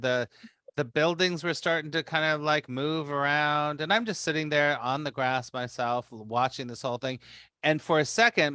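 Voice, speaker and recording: A man with a bright, forward voice recorded dry and close, with no room sound. He tells a story to a group in a loose, rambling way, full of restarts. He acts out his own past reactions with lively quoted asides. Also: mid-range voice, no echo. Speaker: spiritual teacher leading a meeting.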